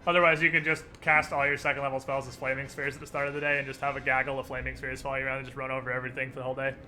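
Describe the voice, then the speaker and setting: Bright-voiced male game master. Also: mid-range voice, little pitch movement, soft background music. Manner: playful, quick asides. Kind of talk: narrating a tabletop game.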